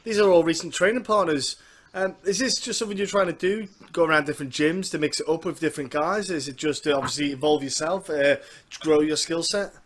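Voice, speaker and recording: A man's voice: on the high side, a little fast, a little hiss or hum. A man hosting a podcast, chatty and asking friendly questions in a casual interview. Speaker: podcast host. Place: Isle of Man.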